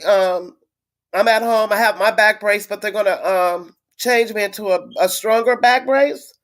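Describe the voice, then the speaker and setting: A woman chatting casually on a live stream to her viewers, venting in a frustrated, blunt way with swearing and halting restarts. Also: medium pitch. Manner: halting with many fillers and restarts. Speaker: livestreamer greeting viewers.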